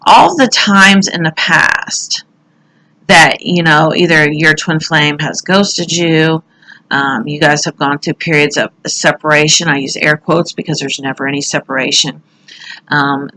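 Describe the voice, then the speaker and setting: A middle-aged woman with a low, slightly bright voice chats her way through a tarot reading, candid and casual, occasionally cursing or laughing at herself. The audio quality is poor.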